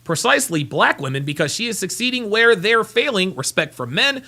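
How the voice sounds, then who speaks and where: A tired, yawning man hosts a casual livestream and rambles through viewer messages, repeating his phrases as he goes. His voice is fairly high and bright. His pitch swings freely from one phrase to the next. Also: very animated, fairly quick. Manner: rambling, repeats himself, talks while fumbling for files. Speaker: livestream host reading super chats.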